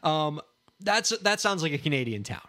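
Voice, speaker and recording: A man's voice: fairly high pitch, very animated, moderate pace, pushed and bright. A man hosting a podcast, guessing aloud with amusement during a quiz game. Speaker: podcast host. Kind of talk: casual chat, quiz game.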